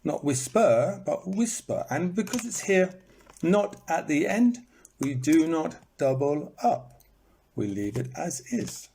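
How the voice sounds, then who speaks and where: A man's voice: on the high side, expressive, takes it slowly, vocal fry, mellow, slight background noise. A man teaching in a live online lesson, repeating words to show their stress and breaking into bits of song, recorded on a phone. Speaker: English teacher.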